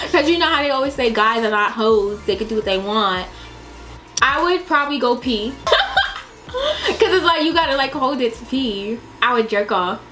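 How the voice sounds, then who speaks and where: A young woman chatting in a casual question-and-answer vlog, dramatic and animated, laughing often and swearing. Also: high voice, a little slow, background noise. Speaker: vlogger.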